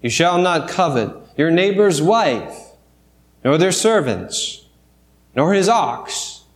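Man, pastor, preaching a sermon, conversational, rhetorical questions, slightly high voice, echoey church room. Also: big pitch swings, takes it slowly. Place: church sanctuary.

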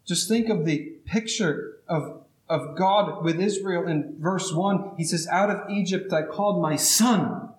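Earnest high-voiced preacher in an echoey room. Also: male voice. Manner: earnest, emphatic, slows on key words. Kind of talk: sermon.

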